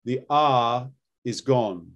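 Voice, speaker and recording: A man's voice: mid-range voice, very slow, dull audio. A middle-aged man coaching accents in a casual interview. He explains patiently and slips into short demonstrations as he goes.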